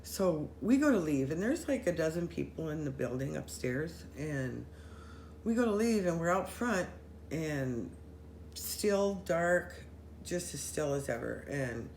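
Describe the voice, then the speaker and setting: A woman telling a story in casual chat with friends, animated, running her sentences together and acting out what people said. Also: low-pitched, a little slow. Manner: animated, acts out quoted voices, run-on sentences. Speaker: storyteller recounting a paranormal experience. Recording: roomy echo with faint noise.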